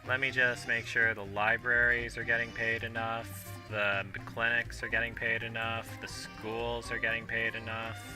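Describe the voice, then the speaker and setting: A man's voice: medium pitch, monotone, normal speed, hardly any pauses. A young man in his twenties rambling casually with many fillers and restarts while playing a city-building game, hiccuping now and then. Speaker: gaming video host. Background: game music.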